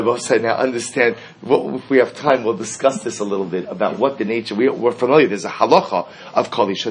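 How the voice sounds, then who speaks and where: Male Talmud teacher, slightly husky tone, mid-range pitch, explains each passage with rhetorical questions. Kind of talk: Talmud class lecture.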